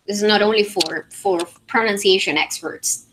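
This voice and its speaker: Bright-voiced woman teacher presenting. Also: medium pitch, normal speed, a little hiss or hum. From Venezuela. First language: Spanish. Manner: explanatory, many fillers and "all right?" checks. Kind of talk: conference presentation with screen demo.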